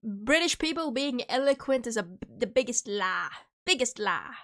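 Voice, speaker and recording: Young female streamer with a slightly high voice, loose rambling banter while snacking. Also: expressive, moderate pace, fairly bright tone. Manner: rambling, joking, chewing candy while talking. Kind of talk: casual livestream chat.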